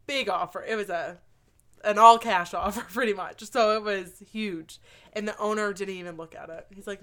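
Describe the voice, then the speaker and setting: Woman in her thirties, casual chat, earnest storyteller, mid-pitched voice, animated. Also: moderate pace. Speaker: guest telling her story.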